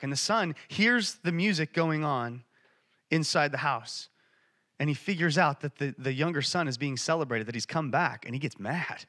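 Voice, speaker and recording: A man's voice: a little high, lively intonation, moderate pace, sharp tone. A man preaching a sermon in church, telling a Bible story with passion and emphasis. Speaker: church speaker.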